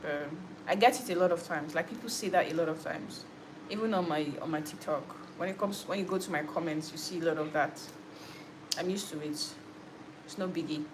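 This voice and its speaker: A young woman, a musician who hosts livestreams, chats casually with viewers, laughing often and answering their comments. Her voice is fairly low and fairly quick, with background noise.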